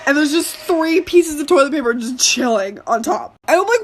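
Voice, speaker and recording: A woman's voice: very high-pitched, expressive, a little fast, a bit bright, low-quality recording. A woman telling a casual storytime about a party, chatty and giggly, acting out her panicked friend. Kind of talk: casual storytime to phone camera.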